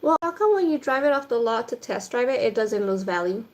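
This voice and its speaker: A young woman with a fairly high, somewhat mellow voice chats bluntly and animatedly, a little fast, while doing her makeup at home. Streaming to her viewers, she keeps things casual and drops swear words along the way.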